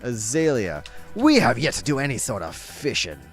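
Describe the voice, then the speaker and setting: A man streaming a video game live, joking and rambling through drawn-out gags into a desk microphone. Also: mid-range voice, huge pitch swings, soft background music.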